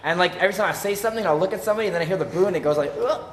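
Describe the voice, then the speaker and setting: A man taking part in a seminar exercise, speaking in a nervous, halting way. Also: high-pitched, echoey room, long reverb tail, heavy background noise. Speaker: seminar participant. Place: large hall with a live audience.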